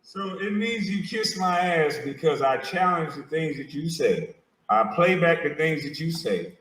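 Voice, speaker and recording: A man's voice: a little high, lively intonation, a little slow, a bit bright, roomy sound, recorded from a distance, poor audio. A man making pointed, challenging replies in an argument on a panel.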